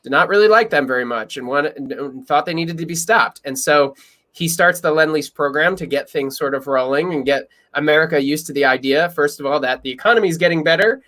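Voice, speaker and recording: A young man hosting a history podcast in casual, excitable chat, talking quickly and often laughing. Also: on the high side. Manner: quick, excitable, breaks into laughs and loud yells. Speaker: podcast host.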